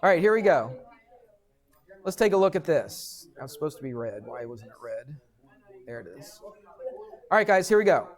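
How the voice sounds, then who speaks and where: A middle-aged man, a math teacher, telling a story to his class and lecturing in an animated way, checking in with students as he goes. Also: fairly high pitch, normal speed, long pauses. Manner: animated, addresses students directly with frequent "right?".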